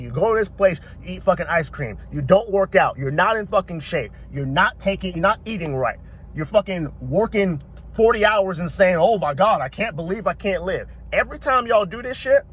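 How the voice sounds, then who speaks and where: A man with a slightly raised voice lectures hard, swearing freely and hammering home his points. He sounds like he's in his thirties, and faint noise sits under the recording. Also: sits high. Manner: profane, forceful, preachy. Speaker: commentator. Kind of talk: blunt motivational rant to camera.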